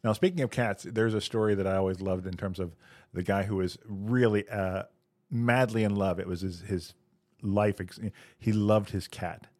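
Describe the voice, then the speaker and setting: A man co-hosting a comedy podcast who tells long setup jokes and drops quick puns in casual banter. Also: fairly low pitch, steady tone, darkish tone, no echo, studio quality. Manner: joke-teller with punny quips. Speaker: podcast co-host. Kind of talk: casual comedic joke-telling.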